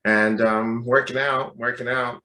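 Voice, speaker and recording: Animated swearing storyteller man, bright voice. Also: mid-range voice, unhurried. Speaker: podcast co-host. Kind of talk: casual chat, storytelling. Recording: echoey room.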